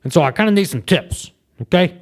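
A man's voice: sits high, lively intonation, brisk. A man hosting a comedy podcast as a bumbling wrestler, rambling and stammering over his words. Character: boastful bumbling male wrestler host. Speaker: podcast host. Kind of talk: comedic in-character podcast chat.

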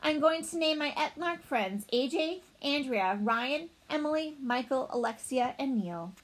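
A woman's voice: high-pitched, lively intonation, a little slow, pitched above the performer's own voice. A woman voicing a sentimental male alien teacher in a children's storybook, speaking earnestly and formally. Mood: earnest farewell.

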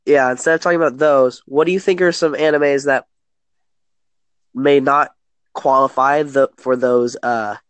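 A man's voice: mid-range voice, steady tone, moderate pace, no room sound. A man from Kentucky with an American accent, chatting casually and rambling, often restarting his sentences. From Kentucky, USA. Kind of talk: casual chat.

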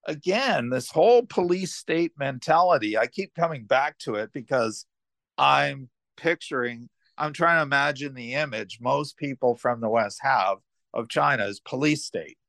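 In a dry, clean studio recording, an older man with a medium-pitched voice tells loose, meandering stories about his travels for his podcast, constantly backtracking and going off on tangents.

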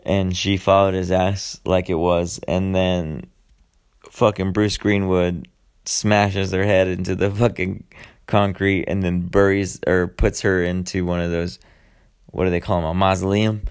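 A man with a very deep voice and a gravelly, creaky edge gives a casual movie recap. He curses constantly, rambles through fillers and side remarks, and talks like he's chatting with friends. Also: little pitch movement, unhurried. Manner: profane, rambling, heavy swearing; loose storytelling with many fillers and asides. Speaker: podcast host.

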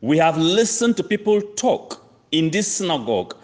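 A man preaching a sermon, reading scripture slowly and repeating key phrases for emphasis, calling his listeners friends. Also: a little high, big pitch swings, darkish tone. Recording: long reverb of a large hall.

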